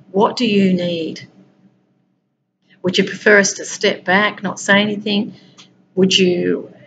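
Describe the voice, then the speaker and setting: A woman's voice: mid-range voice, slight background noise, rough recording. A woman giving an informal motivational talk as a wellbeing coach. She talks directly to her listeners in a conversational way.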